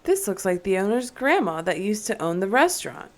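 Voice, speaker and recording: A woman's voice: medium pitch, big pitch swings, brisk. A young woman streaming a horror game, talking casually into a desk microphone, nervous and often dropping to frightened whispers. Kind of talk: casual gaming live stream chat.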